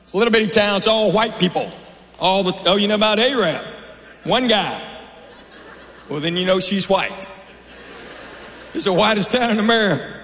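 With a high, somewhat bright voice, this middle-aged comic speaks at a moderate pace and pauses often. He performs on a large hall stage, offering dry, conversational stories and asides to the crowd, recorded with spacious reverb and slight noise.

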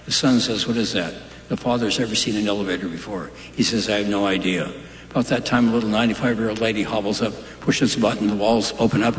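Deadpan man telling jokes on stage. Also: lowish voice, quick pace, few pauses, slight background noise. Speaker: stand-up comedian. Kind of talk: stand-up comedy, joke telling. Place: large hall on stage. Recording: live stage recording in echoey hall.

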